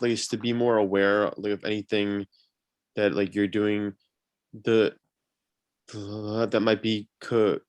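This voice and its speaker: A man's voice: on the low side, little pitch movement, slow, long pauses, no echo. A young man on an online panel speaking with a heavy stutter, repeating sounds and using many fillers. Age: young adult.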